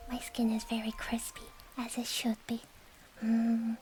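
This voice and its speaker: A woman streamer doing whispered conversational ASMR, giggly and teasing, dropping between soft whispers and short voiced words. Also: on the high side. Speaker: VTuber streamer. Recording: soft music playing behind.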